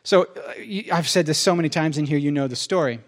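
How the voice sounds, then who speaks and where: A man's voice: fairly high pitch, a little fast. A male pastor preaching a sermon, acting out both sides of his conversations with God.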